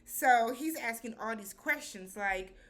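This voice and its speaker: A woman's voice: on the high side, lively intonation, unhurried, fairly bright tone. A woman recapping a TV episode in a loose, chatty way, with slangy phrasing and lots of filler words. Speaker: TV show reviewer.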